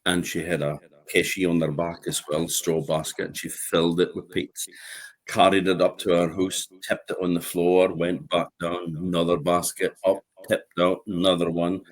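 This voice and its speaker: A man with an Orkney accent telling a folk tale in a lively, animated way. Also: low voice. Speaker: storyteller.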